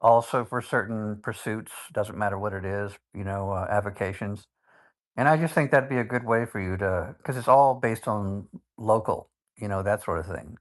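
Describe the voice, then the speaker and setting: Low-voiced man giving casual advice. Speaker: participant in audio chat. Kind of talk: casual chat.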